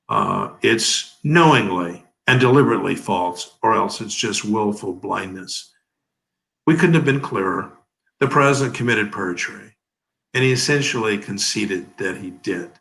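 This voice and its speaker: A man's voice: on the low side, vocal fry, bright, forceful tone, slight background noise, low-quality recording. A man in his seventies giving emphatic, oratorical legal commentary as an interview guest, leaning on rhetorical questions. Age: 70s.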